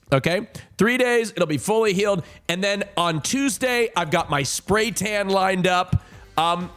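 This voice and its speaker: A man's voice: high voice, a bit bright. Rambling camp male streamer. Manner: rambling, camp and crude, swinging from chirpy to mutter. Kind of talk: casual chat to stream chat.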